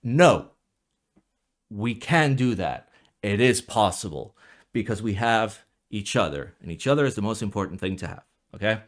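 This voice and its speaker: A young man ranting casually in a vlog about keyboards, profane and rambling, swinging from low mutters to loud outbursts, sounding jet lagged. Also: expressive, moderate pace. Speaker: keyboard reviewer.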